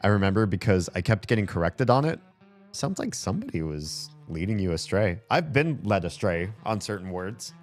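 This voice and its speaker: A man's voice: deep voice, very animated, moderate pace. A man streaming a game, chatting casually and rambling aloud with plenty of fillers, with faint game music behind him. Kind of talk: casual gameplay commentary chat.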